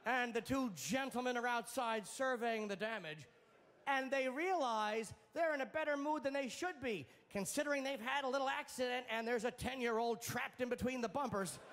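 On a club stage, a man performs stand-up comedy, sardonic and profane, delivering his punchlines deadpan. His voice is extremely high-pitched and he talks at a normal speed.

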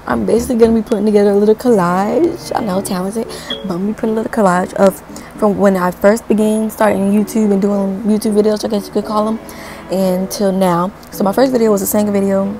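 A young woman vlogging to camera in a chatty, excitable way, gushing and rambling as she says "like" a lot. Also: mid-range voice. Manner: excitable and gushing, leans heavily on "like"; chatty, rambling and self-correcting. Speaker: YouTuber. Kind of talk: casual vlog to camera.

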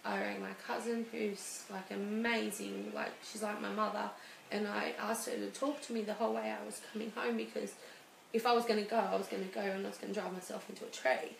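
Woman guest, thirties, gravelly, echoey studio, halting personal story. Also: mid-range voice, little pitch movement. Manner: halting and emotional, many restarts. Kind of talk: personal interview. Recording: roomy studio with faint hiss.

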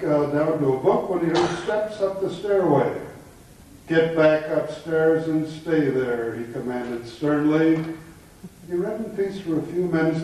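A man's voice: a little high, mellow. A man giving a lecture, telling jokes and anecdotes in an easy storytelling way. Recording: echoey room from far off.

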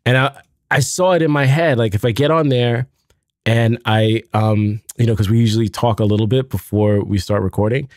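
A man's voice: mid-range voice, steady tone, normal speed, no room sound, studio quality. A man co-hosting a casual podcast, telling stories animatedly and laughing at his own puns. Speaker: podcast co-host. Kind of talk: casual conversational podcast chat.

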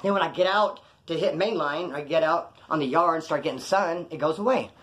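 Cali guy talking fast, kinda high voice, rambling cussy storytime. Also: fairly bright tone. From California. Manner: profane, rambling, acts out other people's lines. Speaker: storyteller recounting jail time. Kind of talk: casual storytelling.

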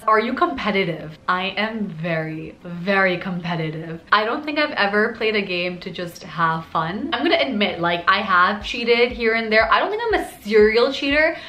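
A woman's voice: medium pitch, a little hiss or hum. Chatty American woman in an echoey room. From United States. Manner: chatty, animated, code-switches into Hindi phrases. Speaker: vlogger. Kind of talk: casual Q&A chat.

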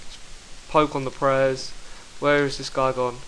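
A young man commentating his own online game fights, excitable and quick to swear, talking into a headset mic. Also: medium pitch, slight background noise, rough recording. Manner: excitable, swears, bursts into shouts. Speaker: gaming commentator. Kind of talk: live gameplay commentary.

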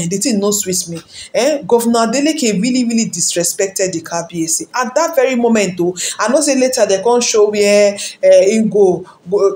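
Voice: medium pitch, darkish tone, slight background noise. A YouTube celebrity news commentator with a Nigerian accent, talking casually in pidgin to the audience. The speaker leans on repeated words and fires off rhetorical questions.

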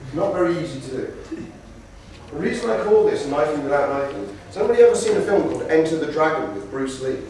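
Animated male lecturer in an echoey hall. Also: fairly high pitch, fast, slight background noise. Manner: animated storyteller, acts out quotes. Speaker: debate lecturer. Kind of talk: lecture to students. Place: lecture room. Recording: roomy hall from a distance.

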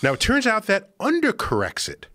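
Man, podcast guest, animated excitable explaining, swooping higher voice, dry studio sound. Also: moderate pace, dry recording. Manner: emphatic, excitable lecturing. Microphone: studio podcast microphone.

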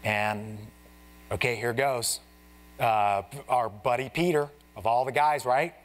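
A man's voice: mid-range voice, slow pace. A man preaching as a pastor in a church, teaching in a casual, chatty way, talking to the congregation like friends and acting out Bible scenes. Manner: acts out the Bible characters in lively voices. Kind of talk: expository sermon. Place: church sanctuary.

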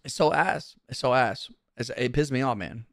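A man's voice: medium pitch, moderate pace, gravelly, fairly bright tone, no echo, studio quality. A male streamer in a casual live-stream rant, talking in a heated, profane, repetitive way.

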